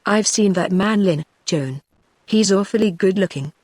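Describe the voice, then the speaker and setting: A woman with a British English accent, read by text-to-speech, voicing a sharp-tongued, jealous young woman in an even synthetic delivery. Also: mid-range voice, unhurried, dry recording, studio quality, lightly acted.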